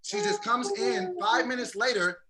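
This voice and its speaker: A man's voice: very high-pitched, normal speed, noisy background. A man co-hosting a podcast, telling a story in casual chat and acting out quotes with energy. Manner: animated storyteller, acts out quotes. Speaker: podcast co-host.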